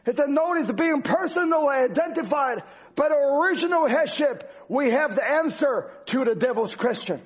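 Preacher, male, very high-pitched, driving repetitive sermon delivery, muffled lo-fi audio. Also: expressive, moderate pace. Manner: emphatic, repetitive preaching cadence. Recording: dull lo-fi recording.

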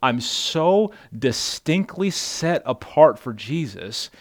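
Male pastor, earnest sermon, emphatic repetition, dry close sound, mid-pitched voice. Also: sing-song, takes it slowly, dry recording. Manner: earnest, emphatic preaching with repeated phrases. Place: church.

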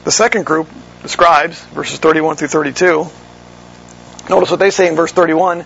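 A man preaching an expository sermon. He walks his listeners through scripture verse by verse in a measured teaching manner and sometimes corrects himself mid-sentence. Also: on the high side, steady tone, vocal fry, fairly bright tone, highs cut off, a little hiss or hum. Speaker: pastor.

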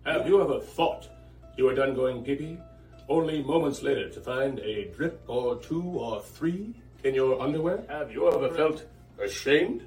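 A man voicing a pompous male doctor pitchman in a mock commercial, grandiose and mock-formal, from a distant ad clip with music. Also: expressive, moderate pace, a little mellow, lightly acted.

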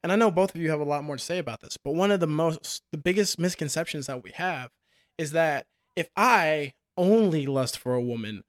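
Male co-host, jokey, slightly raised pitch, dry recording. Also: lively intonation, fairly quick, no room sound. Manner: joking, puts on voices for quotes. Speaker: podcast co-host. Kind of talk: casual podcast discussion.

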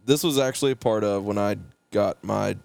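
Gravelly low-voiced man with a West Virginian accent. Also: a little fast, darkish tone, dry recording. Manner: joking, storytelling. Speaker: podcast co-host, English teacher. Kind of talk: casual chat.

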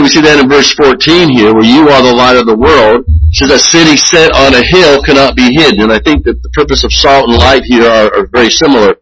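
A man preaching a sermon as pastor, earnest and measured, often restarting his phrases. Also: mid-range voice, a bit bright, husky, rough recording.

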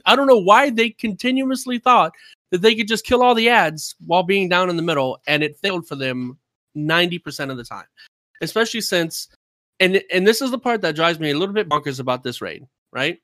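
A man's voice: high voice, lively intonation, fairly quick, pushed and bright, dry recording. A man who streams games, telling a story in casual podcast chat, talkative and worked up. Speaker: streamer and gamer.

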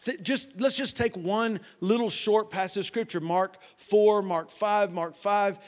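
A middle-aged man, preaching a sermon and telling a story, swinging from loud bursts to hushed retelling. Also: high voice, unhurried. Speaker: pastor.

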